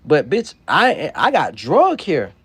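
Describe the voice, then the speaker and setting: A man, ranting loudly and preachily into a handheld phone on a livestream outdoors. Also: a little high, huge pitch swings, slow, husky, no echo. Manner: loud, profane, preachy and emphatic. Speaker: livestream host. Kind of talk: profane ranting monologue. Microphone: phone held in hand.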